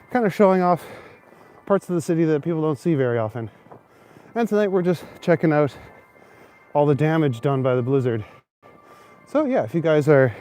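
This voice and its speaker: A man's voice: on the high side, mellow. Chatty man streaming a night walk. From Canada. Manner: chatty, reads out and answers viewer comments. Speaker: livestream host. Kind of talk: casual live-stream chat while walking. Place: outdoors on snowy city streets at night. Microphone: phone camera, held while walking.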